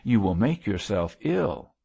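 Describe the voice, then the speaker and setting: A man voicing an elderly white-haired bishop, speaking gravely and solemnly with a soothing firmness. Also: fairly low pitch, big pitch swings, a little slow, warm tone, no room sound, muffled recording, pitched above the performer's own voice, heavily acted.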